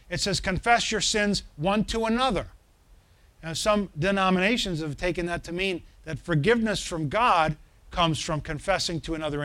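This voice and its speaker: A man with a notably high voice delivers a sermon as a pastor. He builds into emphatic, forceful swells and keeps turning to the congregation with questions to check that they are following.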